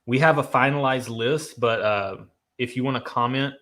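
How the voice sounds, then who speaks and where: A man's voice: mid-range voice, moderate pace, a bit bright. A man from Nashville, co-hosting a charity livestream in earnest, emphatic casual chat. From Nashville, Tennessee. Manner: earnest, emphatic, reads donor comments aloud. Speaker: livestream co-host.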